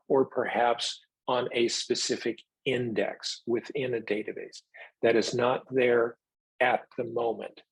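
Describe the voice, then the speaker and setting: Slow, husky man giving a tech talk. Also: medium pitch, poor audio. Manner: measured, explanatory. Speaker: presenter. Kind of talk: technical presentation.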